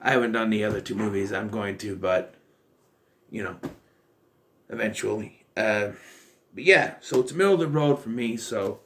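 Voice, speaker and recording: A man's voice: fairly low pitch, normal speed, pauses often, fairly bright tone, a little hiss or hum. Rambling man reviewing a movie. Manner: rambling, self-correcting, acts out quoted lines. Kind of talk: casual film review.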